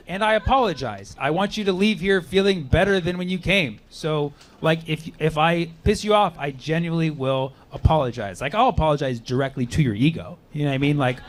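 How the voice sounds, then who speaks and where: Man, stand-up comedian, animated and brash, fairly high voice, noisy live club, audience laughing. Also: brisk. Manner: brash and animated, crowd work. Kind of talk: stand-up set before a live crowd. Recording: live club recording with loud crowd.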